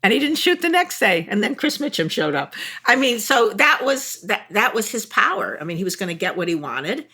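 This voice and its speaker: A woman's voice: mid-range voice, a little fast, husky. Frank older woman with a Chicago accent. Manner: animated, frank, self-deprecating. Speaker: guest. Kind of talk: candid interview conversation.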